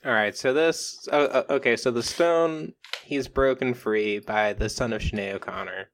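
A man co-hosting a comedy podcast in a mid-pitched, everyday voice. He riffs loosely and jokingly and scatters "like" and "um" through his sentences as he pitches ideas. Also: moderate pace, a bit bright. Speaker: podcast co-host. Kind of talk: casual comedic brainstorming chat.

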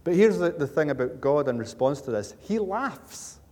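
A man's voice: mid-range voice, lively intonation, a little fast, dark tone. A man preaching a sermon in a conversational, joking storytelling manner, with emphatic repetition. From Scotland. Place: church sanctuary. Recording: church hall with long reverb.

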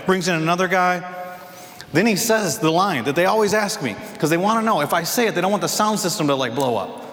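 Animated pastor preaching in an echoey hall. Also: male voice, fairly high pitch, quick pace. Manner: animated storytelling, acts out movie lines. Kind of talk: sermon. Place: church sanctuary.

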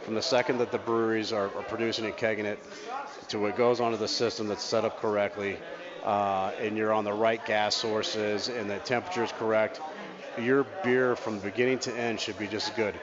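Low-voiced man explaining beer systems. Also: level tone. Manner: explanatory, halting restarts. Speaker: guest, beverage systems expert. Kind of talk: explaining on a radio show. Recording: muffled radio audio with a crowd behind.

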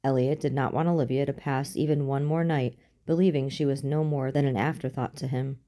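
Low, mellow-voiced woman narrating a novel. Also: steady tone, fairly quick. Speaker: audiobook narrator. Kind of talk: fiction audiobook narration.

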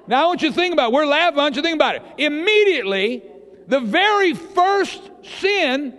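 A high-pitched man preaching a sermon, bouncing between storytelling and questions fired at his congregation. He slips into little voices for the people he quotes. His voice rings out with a long echo in a big church hall. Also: animated, brisk, a bit bright. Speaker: pastor.

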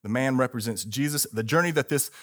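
A man's voice: medium pitch, fast talker, fairly bright tone. A middle-aged male pastor preaching a sermon emphatically, calling on the congregation to repeat words with him.

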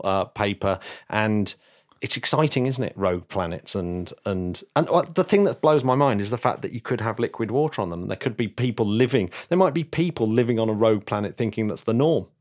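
A man hosting a podcast in casual chat, rambling and restarting his sentences, laughing often. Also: medium pitch. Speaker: podcast host. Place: remote call.

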